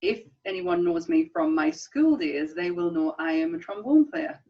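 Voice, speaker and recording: A woman's voice: fairly low pitch, sing-song, moderate pace. A woman, co-hosting a casual film chat, talking enthusiastically and laughing often. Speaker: podcast co-host. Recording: slightly distant, dull sound.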